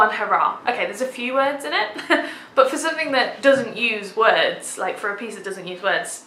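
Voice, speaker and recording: A woman's voice: medium pitch, bright, forceful tone, roomy sound, slight background noise, poor audio. A young woman vlogging a theatre review, gushing with enthusiasm and dropping lots of "like"s. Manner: gushing, enthusiastic, many filler "like"s. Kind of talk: casual theatre review vlog.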